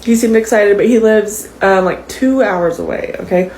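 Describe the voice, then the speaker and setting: A woman telling a dating story into her phone while tearful, rambling and halting with fillers. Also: medium pitch, a little mellow, roomy sound, a little hiss or hum, poor audio. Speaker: TikTok poster. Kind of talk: confessional vlog.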